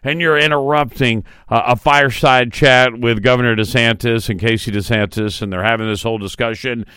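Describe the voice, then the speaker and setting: A man in his forties hosting a morning radio talk show, telling stories in a lively, chatty way. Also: mid-range voice, fairly quick, clean tone, dry recording, studio quality. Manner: animated storytelling, mimics quotes. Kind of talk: casual radio chat.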